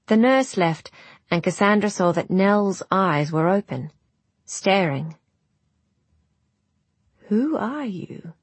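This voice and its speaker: Woman narrating an audiobook, measured, low voice, dry close sound. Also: dry recording.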